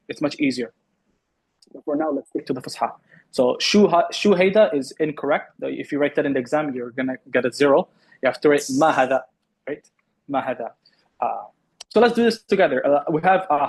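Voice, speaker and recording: A man teaching an Arabic class to students in the room and online, patiently repeating words slowly. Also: mid-range voice, husky, rough recording.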